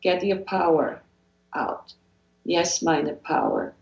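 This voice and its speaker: A woman with a deep, slightly mellow voice and vocal fry speaks slowly yet with lively intonation, her Swiss accent marking her as from Switzerland. Appearing as a guest hypnotherapist in a motivational interview, she's earnest and often restarts sentences and repeats phrases. The recording is muffled with a roomy sound.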